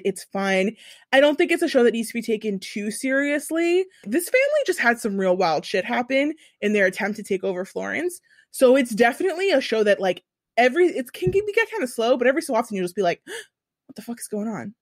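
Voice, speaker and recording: A woman's voice: mid-range voice, no echo, studio quality. A woman co-hosting a podcast, telling a long story in casual chat with big swings in her voice and some swearing. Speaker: podcast co-host.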